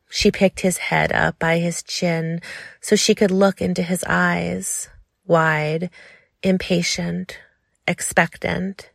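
A woman narrating a sensual audiobook story in a slow, measured, soft manner. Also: lowish voice, flat delivery, creaky, dry recording, studio quality.

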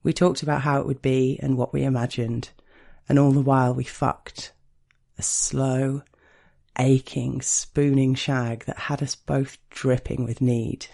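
A man reading a first-person erotic story in a slow, intimate, hushed way. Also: medium pitch, level tone, gravelly. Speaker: narrator.

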